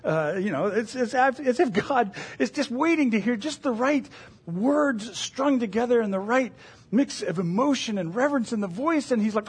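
A man's voice: very high voice, expressive, a little slow, husky. A middle-aged man preaching a sermon as a pastor, in an earnest, conversational way with self-deprecating asides.

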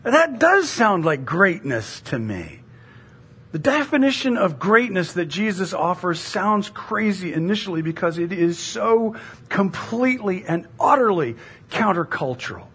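A middle-aged woman delivers a sermon in a chatty, animated way, asking the congregation question after question. Her voice is a little husky, and her pitch rises and falls widely as she talks. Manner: animated, conversational preaching with rhetorical questions and laughs. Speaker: pastor.

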